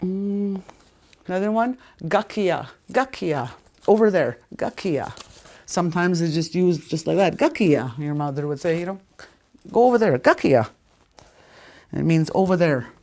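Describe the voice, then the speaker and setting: A woman from Canada leads a relaxed spoken language lesson in a slightly low voice. She repeats each word slowly for her learners. She leans hard on the stressed syllables as she says them. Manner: animated, stresses words strongly when saying them. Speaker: language teacher.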